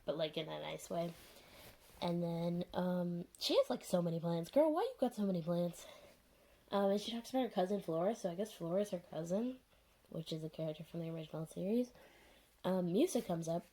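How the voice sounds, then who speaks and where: A woman's voice: lowish voice, fairly quick, warm tone. A woman casually recapping a TV episode, sarcastic and exasperated, full of "like" and "um". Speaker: TV episode reviewer.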